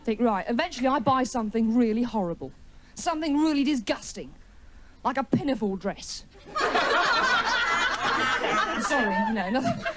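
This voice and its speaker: A woman's voice: on the high side, lively intonation, moderate pace, long pauses, heavy background noise. A woman doing a wry, chatty stand-up comedy routine in a TV studio, with an audience laughing.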